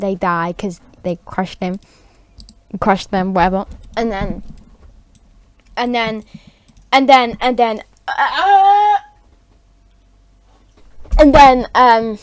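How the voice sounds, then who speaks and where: Slow rambling woman making up a story. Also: medium pitch, smooth, dry recording. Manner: rambling, filler-heavy, giggly.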